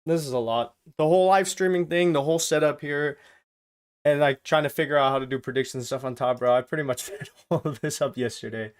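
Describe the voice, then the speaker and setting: A man's voice: a little high, fast talker. A man from Germany hosting a casual live watch-along stream, joking around and teasing the viewers as he reads their chat messages aloud. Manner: jokey, reads out and teases chat.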